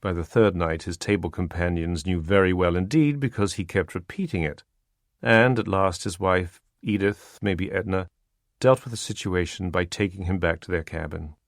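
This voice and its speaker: A man reading a wartime spy novel aloud in measured, even scripted narration. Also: low voice, dry recording. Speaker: audiobook narrator. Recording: dry close studio sound.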